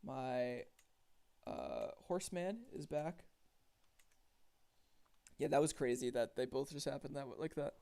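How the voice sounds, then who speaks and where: Gravelly-voiced man chatting to his chat. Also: medium pitch, sing-song, unhurried, pauses often, dark tone. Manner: chatty, thinks aloud, easily exasperated. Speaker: streamer. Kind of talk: casual gameplay commentary to chat.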